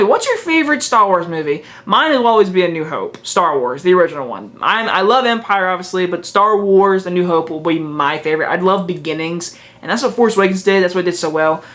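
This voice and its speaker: A man's voice: high voice, fairly bright tone. A man giving a casual spoken film review in a frank, exasperated way, restarting his sentences and mocking what he disliked. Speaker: movie reviewer.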